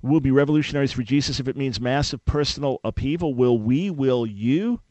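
A male talk radio host delivers an emphatic, preacherly teaching and builds to rhetorical questions. His voice sits at an ordinary middle pitch. The sound is dry and close with no room echo. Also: fairly quick, a little mellow. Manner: emphatic, preacherly, quotes scripture.

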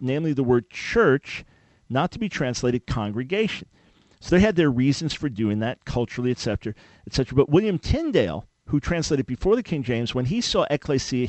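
A man's voice: medium pitch, darkish tone, no echo. Emphatic preaching radio host man. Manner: emphatic, preacherly, quotes scripture. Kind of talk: Christian talk radio teaching.

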